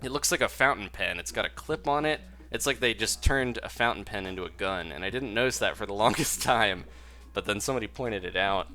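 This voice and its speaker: Over game music, a male streamer keeps up chatty live commentary on his game, often laughing and reading viewer messages out loud. His voice is fairly low, pushed and bright, and he speaks a little fast.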